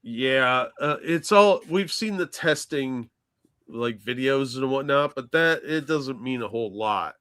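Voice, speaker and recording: A man's voice: medium pitch, animated, a little slow, fairly bright tone, clean tone. A man co-hosting a casual political chat show, bantering in a dismissive, sardonic way. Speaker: show co-host.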